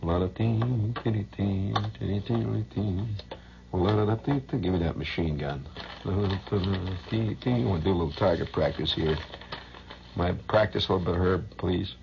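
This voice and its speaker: A man's voice: sits low, a little fast, creaky, lo-fi sound, noisy background. A man hosting a radio show, rambling through a loose monologue, chuckling often and humming nonsense syllables. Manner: rambling, chuckling, hums sing-song nonsense. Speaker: radio host.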